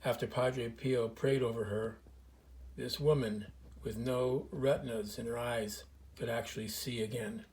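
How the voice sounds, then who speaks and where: A man, telling rambling stories in a casual way, often clearing his throat, recorded indoors in a small museum room. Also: medium pitch, steady tone, measured pace, darkish tone. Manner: earnest, rambling anecdotes with frequent throat clearing. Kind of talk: casual storytelling to camera.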